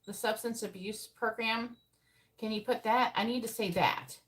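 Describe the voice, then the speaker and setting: A woman's voice: on the high side, steady tone, moderate pace, a bit bright, rough recording. A woman doing a live-stream tarot reading, talking bluntly and swearing often as she explains how to word questions. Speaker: psychic tarot reader.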